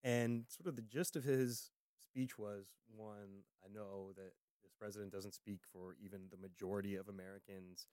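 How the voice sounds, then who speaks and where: A man's voice: on the low side, steady tone, darkish tone, smooth, dry recording, clean studio sound. A man co-hosting a casual political talk show, chatting loosely, trailing into fillers, then speeding up to press a point. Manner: conversational, trailing off into fillers, quickening when making a point. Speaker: podcast co-host.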